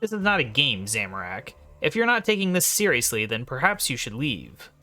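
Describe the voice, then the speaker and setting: Stern loyal god, read by a gamer, bright lively delivery. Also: male voice, mid-range voice, moderate pace, soft background music. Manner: reads game dialogue plainly. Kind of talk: reading game dialogue aloud.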